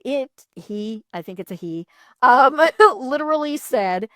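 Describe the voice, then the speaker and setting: A woman's voice: sits high, measured pace, no echo. Middle-aged woman, podcast host, chatty, laughs a lot, dry close sound. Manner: chatty and animated, laughs often, many "you know" fillers. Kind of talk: casual conversational interview.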